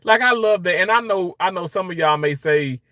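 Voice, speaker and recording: Bright-voiced man chatting on a livestream. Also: high-pitched, a little fast, no room sound, clean studio sound. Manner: reads viewer comments aloud and greets them; chatty, rambling with many fillers. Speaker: livestream host. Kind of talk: casual livestream chat. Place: hospital workplace.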